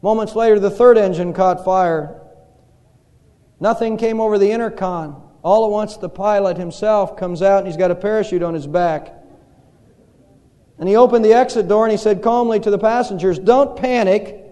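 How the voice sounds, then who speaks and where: A male pastor preaching a sermon in a church, telling stories slowly and dramatically with pauses. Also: high voice, dark tone. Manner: slow, dramatic storytelling with pauses. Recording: reverberant hall.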